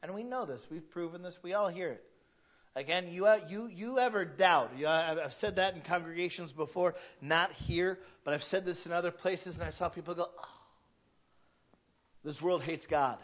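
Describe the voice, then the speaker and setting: A male pastor with a fairly high voice gives a conversational sermon that rises to emphatic, louder peaks. The recording is dull and lo-fi, with the top end muffled. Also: fairly quick.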